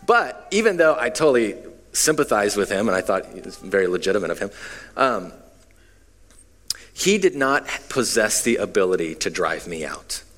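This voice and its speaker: A man in his thirties preaching a relaxed, conversational sermon with stories and frequent fillers. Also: lowish voice, moderate pace. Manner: casual, self-deprecating, frequent fillers. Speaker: pastor. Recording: long hall reverb.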